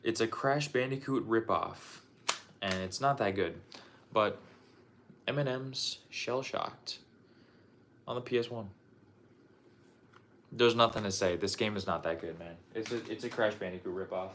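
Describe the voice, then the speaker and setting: A young man on a livestream walks through his game collection in a fairly low, slightly bright voice, measured in pace and broken by long pauses. Out of breath, he talks loosely and crudely, restarting sentences often, over slight background noise.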